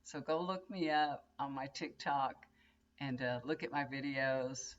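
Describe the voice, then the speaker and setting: With an extremely low pitch and an unhurried delivery, an older tarot reader and vlogger tells rambling stories to camera in her bedroom. The highs in the recording are cut off.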